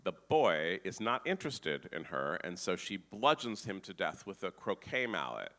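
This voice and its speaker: A man telling a comic story on a festival stage in a dry, deadpan way, with stammering restarts. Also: low voice, normal speed. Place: festival tent with live audience.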